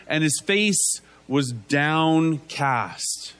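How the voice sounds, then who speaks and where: A man's voice: on the high side, a little slow. A man preaching a conversational sermon, asking rhetorical tag questions and acting out biblical figures in casual voices.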